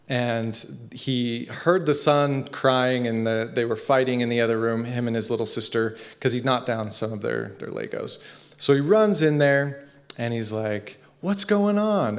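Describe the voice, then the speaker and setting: A man giving an inspirational talk at a spiritual center, conversational and animated, often laughing. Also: mid-range voice.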